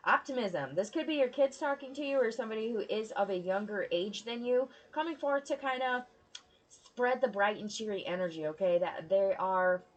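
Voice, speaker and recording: A woman's voice: mid-range voice, expressive, normal speed, muffled recording, a little hiss or hum. A woman giving a casual tarot reading, talking bluntly and swearing freely in a chatty way. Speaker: tarot reader.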